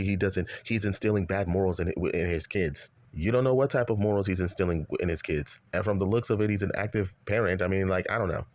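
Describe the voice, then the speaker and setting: Male commentator, fired-up profane rant, lowish voice, dry dull-sounding mic. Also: a little mellow, no room sound. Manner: heated, profane, repetitive rant. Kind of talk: ranting commentary.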